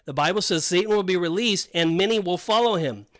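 A man's voice: high voice, fairly quick, no echo. A man co-hosting a podcast, talking through Bible passages in a loose, rambling way with frequent restarts. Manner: rambling, restarts often, explains with scripture references. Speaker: podcast co-host. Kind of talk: casual Bible discussion.

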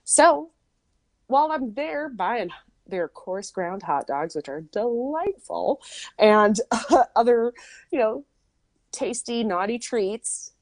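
A woman's voice: a little high, expressive, takes it slowly, long pauses, no room sound. A woman host from Minnesota chatting casually, telling a story with lots of asides and "like". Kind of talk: casual chat.

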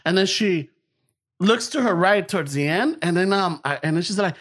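A man's voice: sits high, animated, moderate pace, fairly bright tone. A young man telling a long story in casual chat, swearing a lot, switching between English and Spanish, and acting out the people in it. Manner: profane, switches between English and Spanish mid-sentence, acts out voices.

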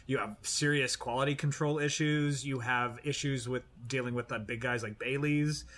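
A man with a bright, forceful tone co-hosts a relaxed podcast about spirits. He talks in an animated, loose way and swears freely. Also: mid-range voice, normal speed. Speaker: podcast co-host. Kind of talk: casual podcast chat.

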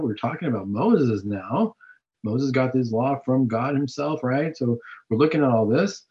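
A man hosts a Catholic talk show and reflects on scripture in a preaching style. He keeps asking rhetorical questions, and his voice swings widely in pitch. The recording sounds dull and lo-fi. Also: animated, unhurried.

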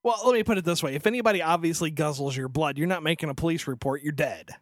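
A man's voice: a little high, fast talker, dry recording, studio quality. A man co-hosting a casual podcast, ranting sarcastically and swearing freely. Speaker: podcast co-host. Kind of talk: casual chat.

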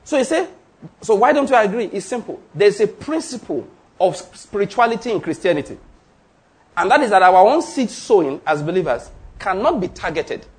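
A pastor with a high, very animated voice preaches at a moderate pace to a congregation in church. He quizzes them with call-and-response questions, repeats his points emphatically, and laughs now and then.

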